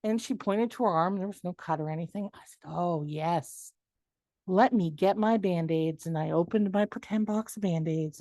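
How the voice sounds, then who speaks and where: A middle-aged woman presenting a workshop, lively and animated, acting out quoted dialogue as she explains. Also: lowish voice, dry recording. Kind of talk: webinar presentation.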